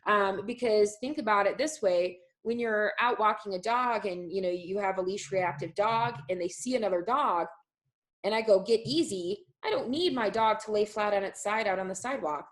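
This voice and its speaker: A woman's voice: medium pitch, moderate pace, low-quality recording. A woman dog trainer explaining a method in a live online class, talking loosely with many fillers.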